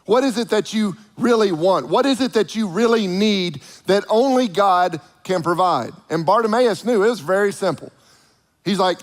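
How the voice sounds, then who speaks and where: Male preacher, high voice, lively delivery with acted-out voices, long hall reverb. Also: normal speed. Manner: animated, acts out the voices of people he quotes. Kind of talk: sermon.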